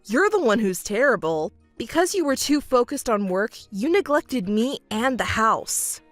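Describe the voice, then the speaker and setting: A woman performs a scornful, self-important young fiancé belittling and scolding his partner, as voice acting for a texting story. Her delivery is sing-song, unhurried and a little high. There's no room sound, only faint music in the background.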